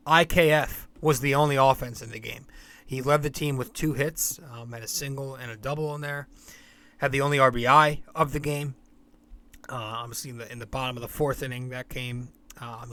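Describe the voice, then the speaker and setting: A man's voice: medium pitch, bright, forceful tone. A young man hosting a sports podcast, talking casually and bluntly, rambling and swearing freely. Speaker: podcast host.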